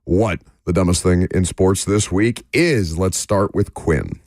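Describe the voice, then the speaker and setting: A man's voice: sits low, a little slow, darkish tone, no echo. A man hosting a casual sports radio show, bantering in a dry, wry, laid-back way into a studio mic.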